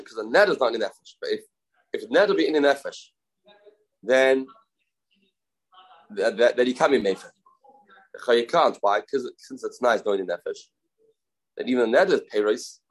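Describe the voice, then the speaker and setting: A man teaching a Talmud lesson, halting and repeating phrases, mixing English with Hebrew and Aramaic terms. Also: medium pitch, husky, low-quality recording. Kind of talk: Talmud study class.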